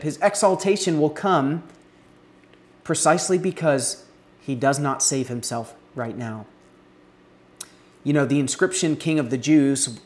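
A man with a mid-range voice delivers an earnest expository sermon, stressing key words and sometimes pausing to start a phrase over.

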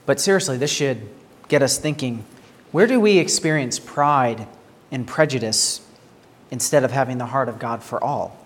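A man delivering a sermon in a middle-pitched voice, earnest and direct. He poses rhetorical questions to the congregation and sometimes repeats words as he begins a thought. His voice carries a long, ringing reverb from a large church space. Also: normal speed. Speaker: pastor.

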